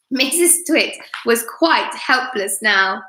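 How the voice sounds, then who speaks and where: A woman teacher reading a storybook aloud, expressive and chatty. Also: a little high. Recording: roomy echo.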